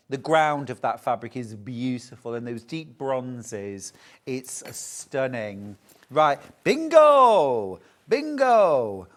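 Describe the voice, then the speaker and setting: A man presents fabrics on a live studio shopping broadcast. He gushes with enthusiasm, and his voice swings widely up and down as he chats. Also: medium pitch. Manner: enthusiastic, chatty, gushing over fabrics. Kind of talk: live sewing shop presentation. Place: television studio.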